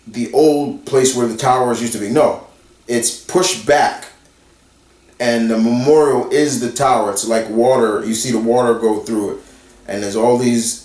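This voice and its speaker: Slow-talking New man in a roomy echo. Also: mid-range voice, a little mellow. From New York area. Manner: rambling and conversational, talking straight to viewers. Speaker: YouTuber answering viewer questions. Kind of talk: casual Q&A vlog. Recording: roomy echo, distant from the mic.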